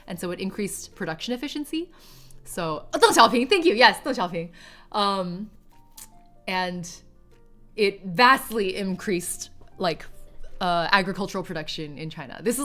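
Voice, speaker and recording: A woman's voice: on the low side, fairly bright tone. A woman streamer chatting casually on a livestream, rambling with lots of filler words and reading viewer chat aloud, sometimes in Mandarin.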